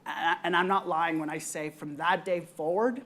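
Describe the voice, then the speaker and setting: A young adult woman on a conference panel, earnestly telling a personal story with frequent ums and reflective pauses. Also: fairly low pitch, steady tone, fairly bright tone.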